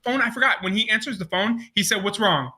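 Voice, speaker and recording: A man's voice: sits high, fast, noisy background. A man co-hosting a casual wrestling podcast, telling stories animatedly with lots of "like" and laughter. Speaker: podcast co-host. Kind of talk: casual wrestling chat and storytelling.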